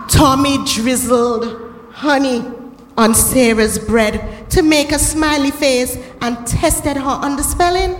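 A woman reading a children's story aloud as a storyteller, slow, gentle and expressive. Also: a little high, slight background noise. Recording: echoey, reverberant room.

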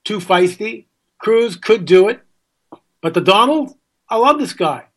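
A middle-aged American man with a notably high-pitched voice hosts a talk radio show. He rants with indignation, piling up rhetorical questions and hammering on his points. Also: expressive, unhurried, a bit bright, husky. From United States. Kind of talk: opinionated radio monologue.

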